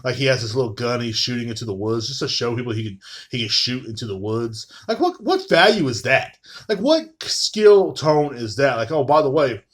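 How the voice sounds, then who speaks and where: Young guy hosting a podcast, casual profane rant, mid pitch, rambling. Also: brisk. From Texas. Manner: profane, rambling, lots of fillers. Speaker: podcast host. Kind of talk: casual ranting monologue.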